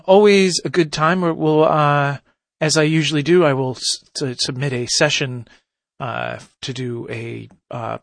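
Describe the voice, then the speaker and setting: A man's voice: a little high, gravelly, fairly bright tone, no room sound, studio quality. Chatty man hosting a podcast. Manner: rambling, many fillers and restarts. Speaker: podcast host. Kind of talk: casual podcast chat.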